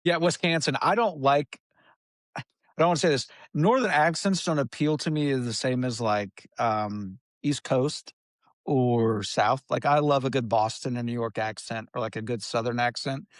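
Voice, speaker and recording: A man's voice: medium pitch, moderate pace, no room sound. Rambling man with a dry, close sound. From Indiana. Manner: rambling, trails off into restarts and hedges. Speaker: podcast co-host. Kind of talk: casual chat.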